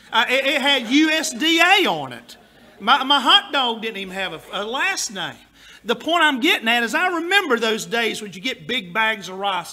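A man's voice: sits high, sharp tone. A man, preaching a sermon in a folksy, storytelling way with a drawl. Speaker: pastor.

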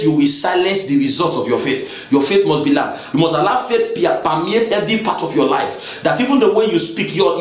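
A man with a Nigerian English accent preaching a sermon, emphatic and repetitive, bursting into shouts. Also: fairly high pitch, reverberant.

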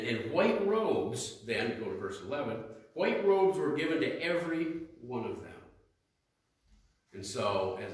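A male pastor preaching a sermon in a conversational style, questioning the congregation and reading scripture aloud. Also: mid-range voice. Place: church sanctuary. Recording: echoey church hall, mic at a distance.

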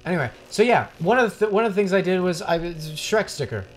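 A man's voice: sits high, fast talker. A young man chatting casually and rambling with plenty of swearing while co-hosting a video game playthrough, sounding tired. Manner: rambling, profane, animated. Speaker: let's play co-host. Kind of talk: casual gaming chat.

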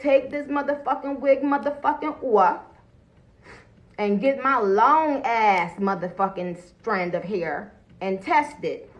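A woman's voice: sits high, a bit bright, low-quality recording. A woman chatting bluntly and profanely on a phone livestream, greeting viewers as she talks. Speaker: livestream host. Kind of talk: casual livestream chat. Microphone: phone camera.

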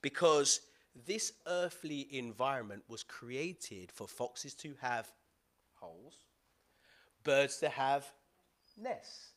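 A man preaching a sermon as pastor, lively and playful, with slang and asides to the congregation. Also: mid-range voice, slow.

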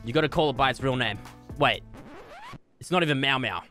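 A young man giving jokey, excitable gameplay commentary with sudden yelps. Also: mid-range voice, a little fast, faint music behind. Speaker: gaming YouTuber.

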